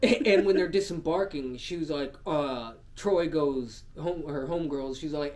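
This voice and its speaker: A man co-hosting a podcast in crude casual chat, cursing and laughing often, swinging between loud and soft. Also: on the high side, very animated, measured pace. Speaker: podcast co-host.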